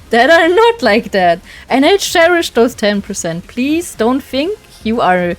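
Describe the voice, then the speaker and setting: A young woman streamer in a casual rant, emphatic and full of swearing. Her voice sits fairly high, and she draws her words out slowly, with faint music playing behind her. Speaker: VTuber streamer. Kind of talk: casual ranting chat.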